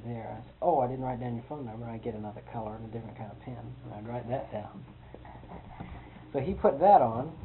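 Amused man telling a rambling story. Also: medium pitch. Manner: rambling, amused, chuckles often. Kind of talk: personal storytelling. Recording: tinny phone-like with hiss.

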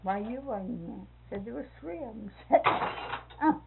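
A woman's voice: fairly high pitch, moderate pace, gravelly, heavy background noise. An older woman tells a family story, acting out the voices as she goes, in a lo-fi phone-like recording. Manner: lively storyteller who acts out voices and laughs often. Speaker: interviewee telling a family story. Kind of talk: oral history storytelling.

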